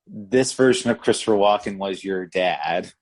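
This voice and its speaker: A male podcast co-host with a somewhat low voice, talking through a movie in an easygoing, casual way. He restarts his sentences now and then and leans on "you know" as he goes. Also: normal speed. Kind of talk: casual movie review chat.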